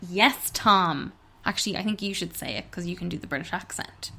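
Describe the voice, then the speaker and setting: A woman with a slightly low voice co-hosts a casual book club podcast. She talks in a candid, chatty way and swears freely. Street traffic drifts in through an open window behind her. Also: a little fast, bright, forceful tone. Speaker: podcast co-host.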